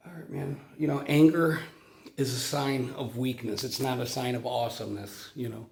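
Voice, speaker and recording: A man vlogging casually about his exterminator job, rambling and swearing, filling every pause with "you know", overheated and sweaty from the heat. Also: medium pitch, fairly even intonation, vocal fry, darkish tone. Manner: rambling, profane, says "you know" constantly.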